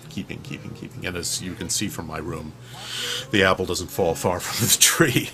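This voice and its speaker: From his room at home, a man with a very deep, low voice rambles through a personal vlog at a moderate pace, digressing, swearing and stumbling over fillers and restarts. Clear music plays behind him the whole time.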